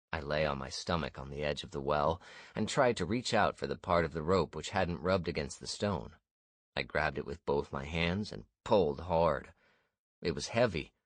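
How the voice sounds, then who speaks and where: A man narrating a first-person fantasy audiobook in a steady, measured way. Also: low-pitched, dry recording.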